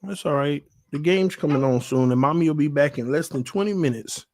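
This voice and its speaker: Loud playful man hosting a stream. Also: on the high side, brisk, dry recording. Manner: loud, playful trash talk with frequent laughs. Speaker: YouTube channel host. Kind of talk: casual live-stream chat. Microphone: desk mic, no headphones.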